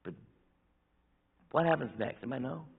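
A man preaching a sermon as pastor, swinging between emphatic raised bursts and quiet asides. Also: mid-range voice, lively intonation, fairly quick, a little hiss or hum. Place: church sanctuary. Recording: tinny phone-like church recording.

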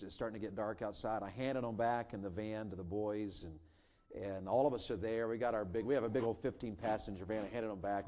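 A middle-aged man preaching a sermon in a church, telling family stories with big swings between loud and hushed. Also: fairly low pitch. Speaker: pastor.

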